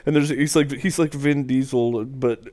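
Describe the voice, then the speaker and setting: A man's voice: mid-range voice, fairly even intonation, measured pace, darkish tone. A man hosting a casual podcast chat, laughing often as he retells movie scenes. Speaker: podcast host.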